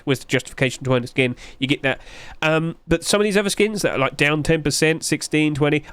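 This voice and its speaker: A man's voice: medium pitch, clear, resonant tone, no room sound. A man hosting a gaming video, talking casually and chattily, chuckling at himself as he rambles.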